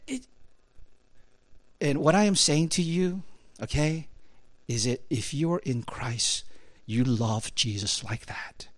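Animated conversational preacher, dry close sound. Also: male voice, takes it slowly, pauses often, dry recording. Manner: conversational, peppers talk with "right?" and "you know"; animated, swings high and loud when emphatic. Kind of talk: sermon.

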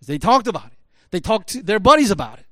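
Fast-talking and very animated, this man has a high, bright, forceful voice in a dry recording. He tells a casual story packed with fillers such as "like" and "you know," and it climbs to emphatic peaks.

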